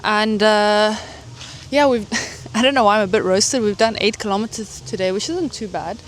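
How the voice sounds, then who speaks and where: A woman's voice: mid-range voice, moderate pace. A woman chatting casually to camera in a travel vlog, rambling with lots of fillers, filmed on a handheld phone. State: hiccuping. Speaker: travel vlogger. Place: city streets and hotel lobby.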